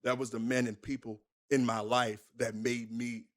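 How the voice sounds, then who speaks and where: A man's voice: medium pitch, little pitch movement, moderate pace. A young man, a minister, telling his life story candidly in an interview, emphatic and full of rhetorical questions.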